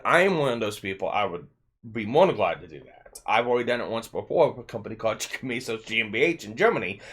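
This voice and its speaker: A man with a slight lisp delivers heated, emphatic commentary as the host of his own channel. His voice sits at an everyday middle pitch, and he now and then swears for emphasis. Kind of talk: opinion commentary.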